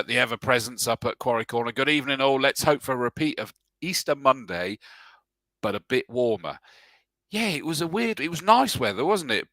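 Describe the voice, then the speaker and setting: A man's voice: fairly low pitch, sharp tone, no echo. A man hosting a casual live stream, reading out viewer messages and greeting each one as mate in a chatty, jokey way. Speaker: host.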